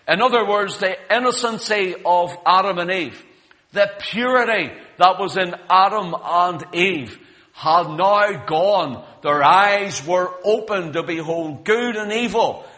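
Male preacher, high bright voice, emphatic storyteller, long hall reverb. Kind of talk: sermon.

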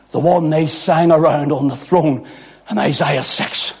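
A man preaching a sermon as pastor, dropping to near whispers and rising to ringing shouted cries. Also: on the high side, steady tone, a little slow, creaky, slightly rough. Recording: long hall reverb.

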